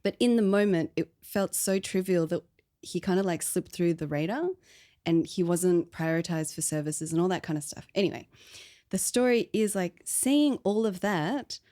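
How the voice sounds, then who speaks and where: A woman's voice: on the low side, normal speed, warm tone. A woman, the founder of a podcast, chatting casually about her story in a rambling way full of fillers. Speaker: podcast founder being interviewed.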